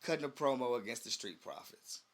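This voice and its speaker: Animated man telling wrestling stories. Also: mid-range voice, fairly quick, creaky. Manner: animated storytelling, acts out quotes. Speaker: podcast co-host. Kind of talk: casual chat.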